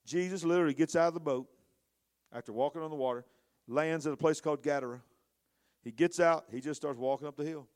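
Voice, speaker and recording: A man preaches with fervor, dropping to near-whispers and then climbing loud and high as the story builds. His voice sits a bit higher than most men's. His rhythm is urgent, and he addresses the congregation directly. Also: fast. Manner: passionate, swinging between hushed and loud. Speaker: pastor. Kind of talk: sermon.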